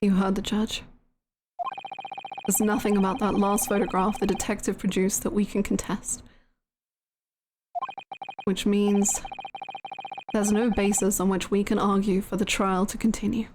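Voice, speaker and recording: A woman voicing a calm young male lawyer, reading game lines in a lowered, measured tone. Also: noisy background, close to an everyday voice. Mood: serious. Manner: low, measured and serious. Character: calm, steady young male defense partner. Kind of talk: reading game dialogue aloud. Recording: game music underneath. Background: game music.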